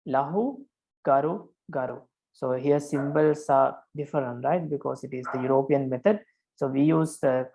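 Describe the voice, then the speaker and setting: A man's voice: a little high, darkish tone, low-quality recording. A man, a Buddhist monk, teaching a lecture on verse meter, patiently repeating each point with frequent hesitations.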